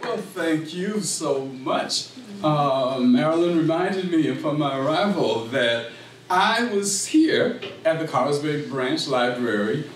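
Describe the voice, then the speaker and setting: A man with a South Carolina Low Country accent gives a talk in a library room, speaking slowly in a high voice. He quizzes his audience and confirms their replies. The recording is echoey, picked up from a distance, with faint background noise. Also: lively intonation. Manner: quizzes the audience and affirms answers. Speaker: speaker on culture and language. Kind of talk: public talk with audience questions. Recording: roomy echo, distant mic, faint noise.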